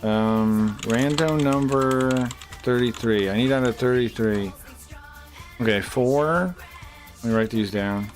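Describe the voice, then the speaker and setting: A man's voice: medium pitch, slow pace. A man streaming live, chatting casually and rambling to his chat, with mild swearing and many fillers. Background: faint music.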